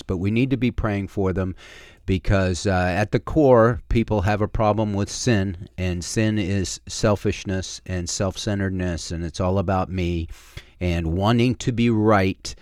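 Hosting talk radio as a pastor, a middle-aged man with a low, slightly mellow voice takes his time, speaking earnestly and folksily with lots of fillers. The setting is a radio studio, the talk is casual with preaching, and the sound is studio quality without echo.

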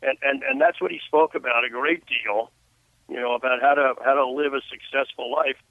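An older man, an author, tells stories as a guest in a phone interview, reflective and restarting often. His mid-range voice is creaky and a little fast, and the dry recording comes through a tinny phone line.

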